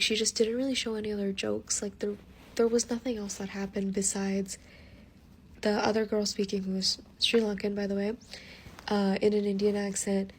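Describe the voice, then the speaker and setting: A woman's voice: mid-range voice, gravelly, slight background noise. A woman giving casual commentary in a matter-of-fact way, with lots of "like" fillers.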